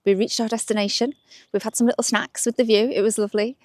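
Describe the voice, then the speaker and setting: A woman's voice: on the high side, flat delivery, fast, no room sound, clean studio sound. A young woman from north-west England chatting to camera while walking outdoors, upbeat and laughing easily. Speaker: vlogger. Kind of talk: casual walking vlog to camera. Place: outdoors by a waterside path.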